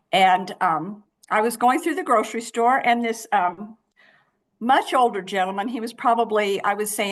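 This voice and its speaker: A woman's voice: fairly high pitch, a bit bright. Chatty woman in her sixties. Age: 60s. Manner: chatty storytelling with many fillers and restarts. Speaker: guest. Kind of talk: casual interview chat.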